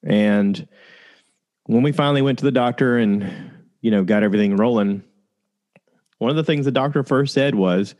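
A man casually telling a personal story to his listeners, candid and conversational, with frequent pauses and fillers. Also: on the low side, darkish tone.

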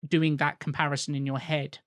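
A man's voice: a little high, level tone, a little fast, fairly bright tone, no room sound, clean studio sound. A man co-hosting a podcast in casual chat, talking in a thoughtful, winding way.

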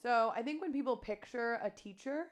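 A woman teacher co-hosting a podcast, talking casually with lots of "like" and quick asides. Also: on the high side. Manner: chatty, heavy use of "like", quick asides. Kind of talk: casual chat.

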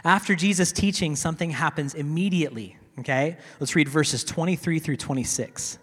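Male teaching pastor, slightly high and husky, chatty sermon delivery, long hall reverb. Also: normal speed. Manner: conversational teaching, often asking "right?". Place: church hall with a congregation.

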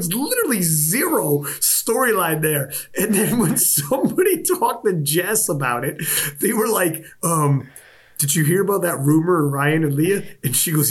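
A man's voice: sits high, breathy edge. A man co-hosting a casual sports podcast, telling stories with lots of swearing and acted-out quotes. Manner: animated storytelling with profanity and voiced quotes. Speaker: podcast co-host.

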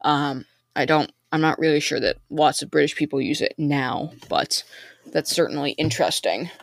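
A woman's voice: sits low, moderate pace, gravelly, no echo, clean studio sound. Hesitant woman podcast co-host. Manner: hesitant, frequent ums. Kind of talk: casual chat, reading listener emails.

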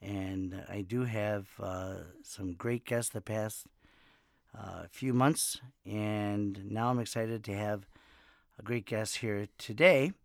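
A man's voice: fairly low pitch, slow pace, vocal fry, no room sound, clean studio sound. A man in his fifties, a comedian and podcast host, telling casual stories in a rambling way and laughing often. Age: 50s. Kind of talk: casual monologue. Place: home in Los Angeles.

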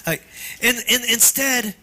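Bright-voiced earnest male preacher. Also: extremely high pitch, a little slow. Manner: earnest and tender, often dropping to a hush. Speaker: pastor. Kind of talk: sermon.

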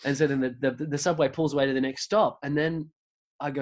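Australian male guest, casual rambling storyteller, everyday mid-pitch voice. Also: steady tone, fast talker. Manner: rambling, many restarts and fillers. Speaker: podcast guest.

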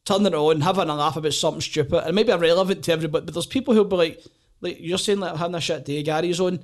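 A man's voice: on the high side, rapid-fire. A man with a Scottish accent, a comedian guest speaking openly and self-deprecatingly in a podcast conversation. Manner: open, self-deprecating, animated. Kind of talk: candid conversation.

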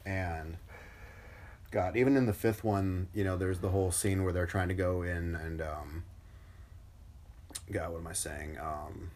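A young man with a lowish voice talks casually with a friend. He often trails off with ums and restarts, searching for what he means to say. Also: fairly even intonation, a little slow, long pauses, darkish tone. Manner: hesitant, full of ums and restarts. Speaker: podcast co-host. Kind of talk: casual chat.

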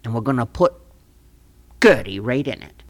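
A man's voice: medium pitch, lively intonation, moderate pace, close to an everyday voice. A man voicing a scheming small-town fellow in a comic radio play, talking in a folksy, wheedling, overly sweet way.

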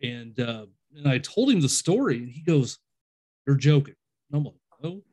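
A man's voice: medium pitch, sing-song, brisk, a little mellow. A man telling ghost stories in casual conversation, rambling and acting out quoted dialogue, calling himself a skeptic and an overthinker. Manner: self-described skeptic and overthinker.

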